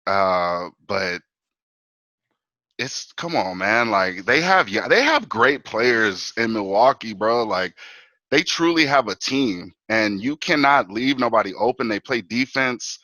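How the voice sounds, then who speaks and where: Male guest, lively fan talk, bright voice, dry close mic. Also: fairly low pitch, takes it slowly, no echo, rough recording. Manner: animated, fan talk full of "bro" and "man". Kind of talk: casual sports talk.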